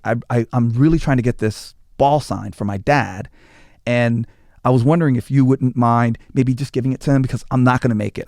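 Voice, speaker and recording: A man's voice: mid-range voice, no echo, clean studio sound. A man telling stories in a casual interview, acting out quotes and restarting his sentences. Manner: animated storyteller acting out quotes, stammering restarts. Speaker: guest, former tour manager. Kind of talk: casual storytelling.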